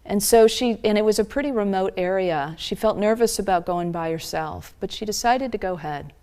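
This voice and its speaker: A woman minister preaching a sermon, retelling a story earnestly and slowing down for emphasis. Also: medium pitch, darkish tone, smooth.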